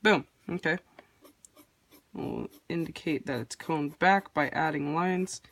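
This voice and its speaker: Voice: mid-range voice, slow pace, fairly bright tone, dry recording. A person hosting a casual drawing tutorial, talking in a rambling, offhand and self-deprecating way while sketching. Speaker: art tutorial host.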